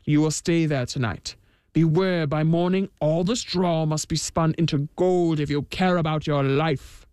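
Lady putting on a bossy greedy king, slow and commanding, dry close sound. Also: low-pitched, fairly even intonation, darkish tone, clean tone, no room sound. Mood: stern. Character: stern greedy male king.

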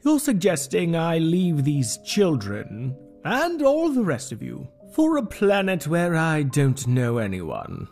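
Performer doing an older fussy wizard, earnest, lively swooping pitch, faint music underneath. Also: slow, full character voice. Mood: fretful. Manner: earnest, fretful. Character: old wrinkled tap-dancing wizard, fussy and earnest. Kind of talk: improvised comedy audio story.

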